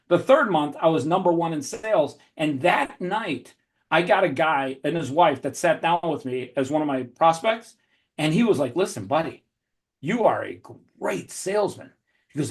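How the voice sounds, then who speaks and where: A man with a fairly high-pitched voice tells lively entrepreneurial stories as a podcast guest. He talks with restless energy and often restarts his phrases. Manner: energetic, animated storyteller with frequent restarts. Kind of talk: storytelling podcast interview.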